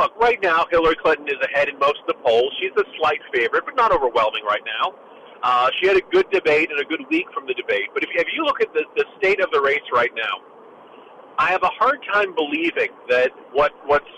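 A man talking casually as a political commentator, animated and jokey, with quick asides. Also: on the high side, background noise.

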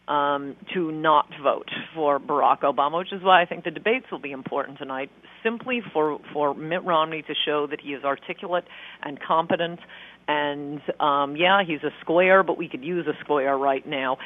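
A woman guest speaking bluntly and sarcastically in a radio interview by phone. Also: low-pitched. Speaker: guest author. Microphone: telephone. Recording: tinny phone line.

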